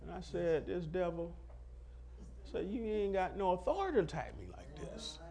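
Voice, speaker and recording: A man's voice: high-pitched, expressive, moderate pace, vocal fry, warm tone. A middle-aged man preaching a testimony sermon, acting out the dialogue and breaking into laughter as he tells it. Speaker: pastor.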